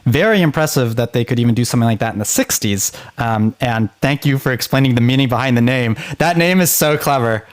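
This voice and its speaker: A man co-hosting a podcast, chatting casually with animated enthusiasm. His voice sits at an average pitch and sounds close and dry, with no room around it. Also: quick pace, hardly any pauses, no room sound. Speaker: podcast co-host. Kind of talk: casual chat.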